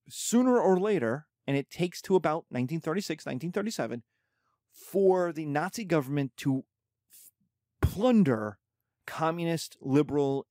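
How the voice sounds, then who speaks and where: Animated man giving a history lecture. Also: a little high, no room sound, clean studio sound. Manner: animated, conversational, quick asides.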